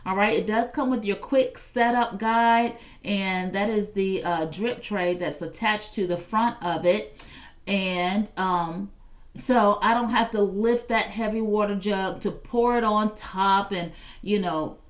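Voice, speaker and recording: A woman's voice: medium pitch, takes it slowly. Chatty woman hosting a live shopping stream. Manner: chatty, addresses viewers directly, reads out chat comments. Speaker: live shopping show host. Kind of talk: casual live-stream product demo.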